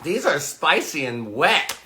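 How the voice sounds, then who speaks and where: A drag performer, a man, runs a campy phone livestream sale with a bright, sharp tone and a voice that swoops up and down. He tosses off crude, sassy jokes in a dry, deadpan way. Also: fairly high pitch, takes it slowly, a little hiss or hum. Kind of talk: campy livestream sales pitch.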